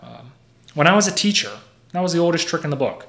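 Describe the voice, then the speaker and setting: A man's voice: fairly high pitch, expressive, fast, gravelly, fairly bright tone. A young man preaching a sermon in a conversational, earnest way, explaining with everyday examples. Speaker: pastor.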